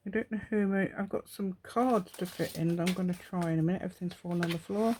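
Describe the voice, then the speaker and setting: A woman with a lowish, mellow voice talks fast and barely pauses, her tone steady, while a faint hiss or hum sits in the audio. She's a craft channel host running an informal tutorial, chattering and rambling to herself as she works.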